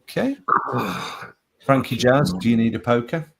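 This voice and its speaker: A man's voice: medium pitch, big pitch swings, normal speed, vocal fry, darkish tone. A man hosting a live show, reading out viewer captions and laughing often between them. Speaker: host.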